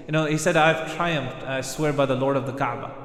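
A man's voice: medium pitch, steady tone, a little fast, fairly bright tone. A man preaching a sermon, retelling stories earnestly, with frequent restarts and recited Arabic phrases. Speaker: Islamic preacher. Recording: echoey hall with long reverb.

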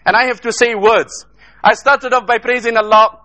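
A man's voice: extremely high pitch, steady tone, normal speed, bright, forceful tone. A man from South Africa giving an emotional sermon, telling stories in repetitive rhetorical phrases mixed with Arabic. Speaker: Islamic speaker.

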